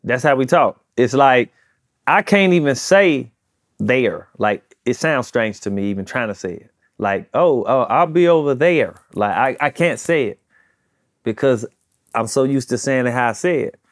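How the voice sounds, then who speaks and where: A man's voice: mid-range voice, expressive, normal speed. A man with a St. Louis accent, talking as a rapper guest in a casual interview, emphatic and repeating himself, with loose slang. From St. Louis, USA.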